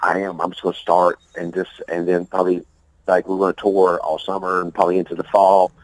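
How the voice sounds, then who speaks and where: A man's voice: deep voice, completely flat delivery, fairly quick, no echo, low-quality recording. A man being interviewed about his music, talking in a loose, rambling, profane way, often repeating himself and laughing. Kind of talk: casual interview talk.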